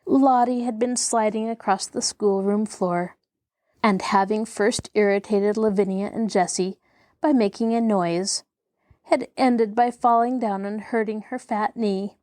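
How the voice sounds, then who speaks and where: A woman's voice: on the high side, dry recording, clean studio sound. Woman reading a classic novel aloud. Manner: measured, expressive reading. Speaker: host and audiobook narrator. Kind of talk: scripted narration of a classic novel.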